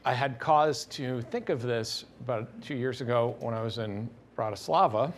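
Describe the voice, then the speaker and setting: A man's voice: mid-range voice, normal speed, slight background noise. A man answering as a panelist, hesitant and reflective.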